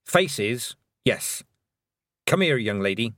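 A man reading as a stern old witch who talks slowly and dryly, clipping every phrase short, her pitch roaming up and down. The storybook voice sits close and dry, with no room sound around it. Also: lively intonation, a bit bright, no echo. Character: stern older witch, curt and commanding.

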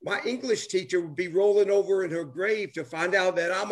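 This older man speaks with a lilt, and his voice sits higher than most men's. His casual chat rambles with enthusiasm, stumbling over fillers and restarts as he chases his point. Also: fairly quick, crowd noise. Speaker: former ballplayer and author. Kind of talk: casual chat on a live stream.

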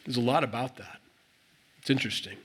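A man's voice: medium pitch, brisk, a bit bright, husky. A man preaching a sermon, reading scripture aloud and explaining it in a conversational way, acting out the dialogue with emphatic rises. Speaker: pastor.

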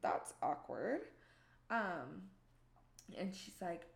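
A woman's voice: on the low side, lively intonation, normal speed, vocal fry, a bit bright. A young woman telling a personal story in a candid, profane, self-mocking way. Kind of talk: casual storytime monologue.

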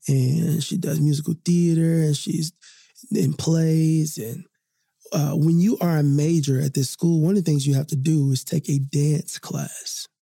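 A man speaks in a warm, mellow voice, recorded dry and close with no room sound. He tells a personal story in an earnest, confessional way, pausing on fillers and repeating phrases as he reflects. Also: on the high side, fairly even intonation, vocal fry, slightly rough, no echo. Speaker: podcast host.

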